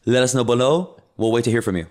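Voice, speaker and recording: A man's voice: mid-range voice, fast talker, a little mellow. A man co-hosting a casual talk show, speaking emphatically and reading out news headlines. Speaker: podcast co-host. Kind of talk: casual chat.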